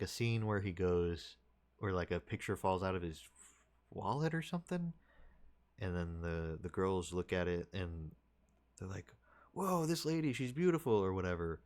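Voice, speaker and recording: A man streaming and chatting casually with his viewers, rambling and restarting his sentences with little chuckles. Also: low voice.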